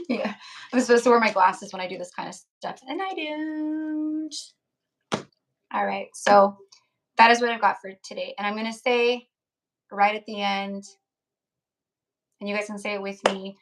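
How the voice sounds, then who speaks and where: A woman hosting a tarot live stream, chatting casually with her viewers and reading out their names, her voice going hoarse. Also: medium pitch, measured pace, pauses often, a bit bright. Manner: chatty, reads out chat names, frequent "like" and laughs.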